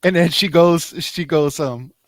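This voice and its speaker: A man co-hosting a podcast in casual chat, animated, laughing often and acting out quotes. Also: on the high side, a little slow, no room sound. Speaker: podcast co-host.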